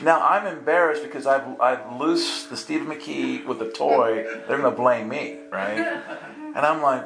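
A man with a raspy, gravelly edge tells a story from the pulpit, acting out each exchange with animated delivery. His voice bounces around a reverberant room. Instrumental music plays clearly beneath him. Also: medium pitch, unhurried. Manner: animated, acts out voices and laughs through the story. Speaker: preacher. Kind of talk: storytelling sermon. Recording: echoey room with music underneath. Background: soft instrumental music.

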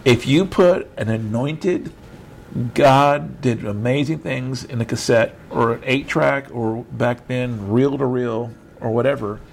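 Gravelly middle-aged man preaching casually. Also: medium pitch, takes it slowly, slight background noise. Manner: conversational and rambling, with self-mocking humor. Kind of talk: informal teaching sermon. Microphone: video call.

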